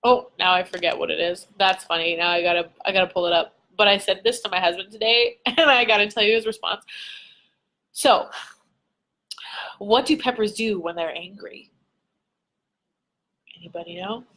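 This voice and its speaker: A woman's voice: mid-range voice, fairly even intonation, moderate pace, long pauses, fairly bright tone. A young adult woman, a business coach, talking to her followers in a bubbly, gushing, chatty livestream. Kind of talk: casual livestream talk to followers.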